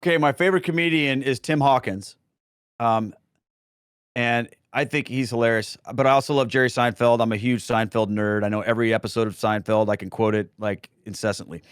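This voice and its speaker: A middle-aged man talks through his answers in an easygoing, unscripted way, circling back and restarting his sentences. His voice is smooth and resonant, and the recording is dry and close. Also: medium pitch, fairly even intonation, a little fast, dry recording. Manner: rambling with frequent restarts and fillers. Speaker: guest, Catholic speaker and former pastor. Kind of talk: casual Q&A answers.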